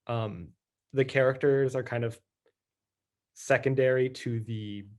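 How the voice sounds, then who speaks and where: A man co-hosting a podcast in casual chat, with a deadpan, teasing way of questioning. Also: medium pitch, measured pace. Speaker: podcast co-host.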